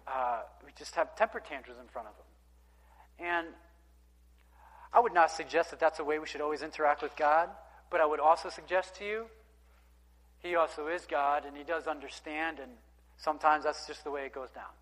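A man preaching a sermon, talking through scripture in a relaxed, conversational style with emphatic bursts. His voice sits a little high for a man. It rings out with a long reverb, as in a large hall. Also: normal speed, pauses often. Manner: conversational, emphatic, reads scripture aloud with asides.

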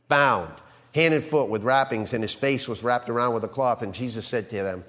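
A male pastor preaches a sermon in a medium-pitched voice at normal speed, with the sound of a big room around him. He swings from loud emphasis to hushed quiet and puts rhetorical questions to the congregation.

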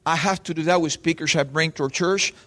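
A man's voice: on the high side, brisk. A man, a pastor preaching a sermon in church and telling stories straight to the congregation. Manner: animated storytelling preacher, addresses crowd directly.

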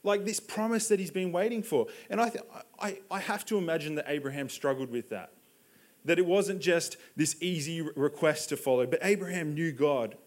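A man's voice: a little high, normal speed. A young man giving a sermon, telling Bible stories in a conversational way and acting out the characters' lines. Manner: conversational storytelling, acts out Bible dialogue. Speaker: preacher.

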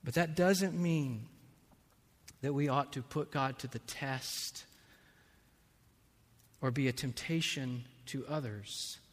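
A man preaching a sermon as a pastor, slow and measured, building to impassioned stretches. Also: mid-range voice. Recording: long reverb of a large hall.

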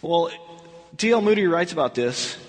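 A man's voice: on the high side, lively intonation, moderate pace, in a large hall. A man teaching a verse-by-verse Bible study in a conversational way, acting out the people in the stories. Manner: conversational, acts out dialogue in quotes.

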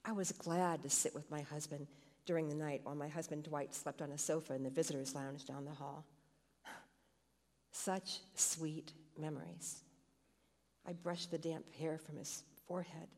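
A woman's voice: low-pitched, steady tone, brisk, darkish tone, long reverb tail. A woman reading a personal story aloud expressively to a congregation. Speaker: scripture reader.

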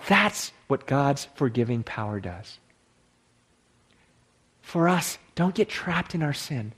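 Husky-voiced man preaching a sermon. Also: medium pitch, very animated. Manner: swings from loud emphatic preaching to hushed, slow guided prayer. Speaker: pastor.

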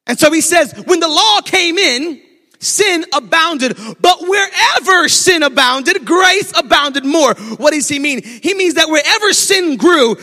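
A man delivers a sermon in a sing-song preaching cadence, breaking into shouts. His voice is very high and bright. It carries a long reverb from the church hall. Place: church sanctuary.

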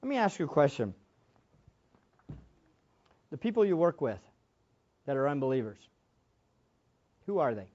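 A woman preacher giving an impassioned sermon, moving between loud exclamations and hushed asides. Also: deep voice, very animated, moderate pace, long pauses. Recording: dull lo-fi sermon recording.

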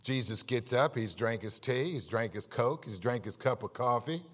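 A man pastor preaching a sermon, telling a joke-filled story in a lively way and often repeating words. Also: mid-range voice, moderate pace, in a large hall. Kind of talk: sermon with jokes. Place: church.

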